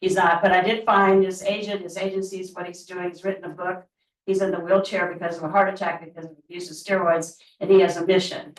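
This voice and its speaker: At a team meeting, a middle-aged real estate agent rambles through a story, restarting again and again. She speaks quickly with a flat delivery in a lowish voice, and the distant mic picks up a roomy sound.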